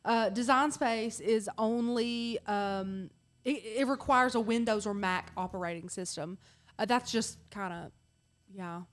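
A woman's voice: a little high, measured pace. A woman co-hosting a casual chat, reading viewer questions aloud and answering them in an easygoing way. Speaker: co-host.

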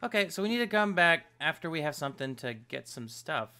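Gaming channel host, male, bright edgy tone, a bit high-pitched, excitable let's-play chatter that jumps to yelps. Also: a little fast, clean tone. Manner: excitable, yelps and trash-talks game enemies. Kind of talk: casual let's-play commentary.

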